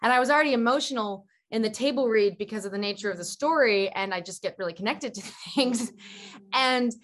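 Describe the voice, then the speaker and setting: A woman actress, a guest in a casual interview, telling stories in an animated, gushing way with many restarts. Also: fairly high pitch, brisk.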